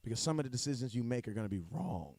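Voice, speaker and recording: A man's voice: medium pitch, animated, very fast, creaky, a little mellow, no room sound. A man co-hosting a live sports stream, talking in loose slang and laughing often. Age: adult with a young daughter. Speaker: podcast co-host. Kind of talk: casual sports chat. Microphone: home mic on a live stream.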